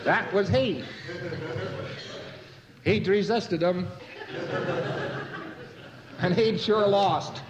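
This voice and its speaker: A man's voice: high-pitched, very slow, pauses often, reverberant, a crowd in the background, poor audio. A man giving a conversational lecture full of anecdotes, chuckling at his own points and asking rhetorical questions.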